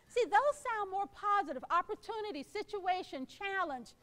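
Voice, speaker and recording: A woman's voice: very high voice, animated, moderate pace, hardly any pauses, fairly bright tone. A middle-aged woman giving a motivational keynote to staff, encouraging and playful, acting out little quoted voices. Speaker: keynote speaker.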